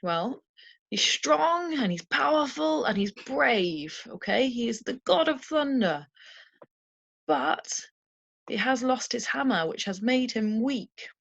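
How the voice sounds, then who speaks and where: A woman's voice: a little high, expressive, takes it slowly, a bit bright, no room sound, highs cut off. Dry-voiced woman teacher. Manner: clear, encouraging, checks in with "okay?". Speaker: primary school teacher. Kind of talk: recorded home-learning lesson.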